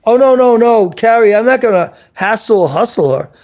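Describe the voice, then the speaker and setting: A man's voice: very high voice, animated, normal speed, a little mellow, lo-fi sound. A man hosting a live online show, talking casually and insistently, repeating himself and restarting his sentences. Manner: repetitive, insistent, restarts often. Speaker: show host. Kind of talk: casual live-stream chat.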